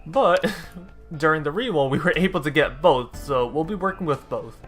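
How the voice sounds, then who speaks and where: A man's voice: a little high, animated, normal speed, a bit bright, soft background music. A man giving casual, rambling commentary over his own gameplay, often correcting himself and dropping dry sarcastic asides. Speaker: gaming YouTuber.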